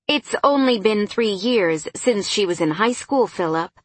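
A woman voicing a composed young woman who speaks in a measured, restrained way. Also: medium pitch, expressive, husky, no room sound.

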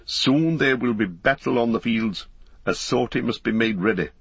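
A man voicing an old male wizard, grave and commanding, with a measured, solemn delivery. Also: medium pitch, fairly bright tone, breathy edge, no room sound. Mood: calm.

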